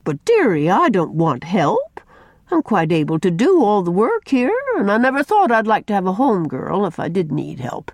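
A blunt, homespun middle-aged farm wife, as a female audiobook reader puts her on, quick to fuss and quick to soften. Her voice rises and falls lively, in a dry, close recording. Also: mid-range voice, no room sound. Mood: flustered. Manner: blunt, homespun, fond "dearie". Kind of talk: audiobook character reading.

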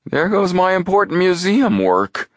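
A man voicing a hungry, complaining heavyset teenage boy, whiny and excitable in a raised voice. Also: high-pitched, unhurried, dry recording, studio quality, voice pushed up, exaggerated voice. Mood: groaning.

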